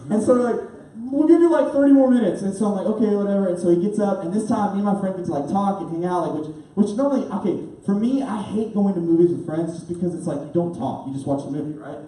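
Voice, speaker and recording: A young man tells a story to a youth group, animated and quick to laugh, his speech full of fillers. His voice sits high but mellow. He is heard from a distance in a very echoey room. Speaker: youth pastor. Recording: very echoey room, speaker far off.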